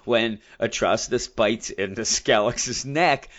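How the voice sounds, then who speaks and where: A man co-hosting a casual podcast about comics, talking in an animated way and sometimes acting out lines from characters. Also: mid-range voice, a little slow. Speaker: podcast co-host. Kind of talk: casual comic book discussion. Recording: dull lo-fi sound.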